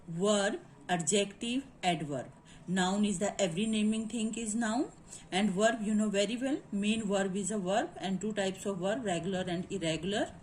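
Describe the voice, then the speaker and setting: A woman teacher giving a lecture on grammar, halting often, repeating points and slipping in Hindi phrases. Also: mid-range voice, darkish tone, slight background noise. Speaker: English teacher. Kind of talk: classroom lecture.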